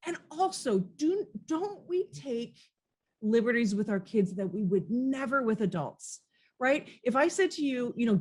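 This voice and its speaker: A woman's voice: a little high, sing-song, measured pace, darkish tone. A woman parenting coach speaking earnestly and with animation in an interview, often acting out how she talks to children. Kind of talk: interview conversation.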